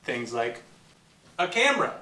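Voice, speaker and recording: A man's voice: mid-range voice, sing-song, measured pace, bright, forceful tone, echoey room, distant mic. A man hosting a comedic talk show, jokey and showman-like in a loose, earnest way. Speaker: host.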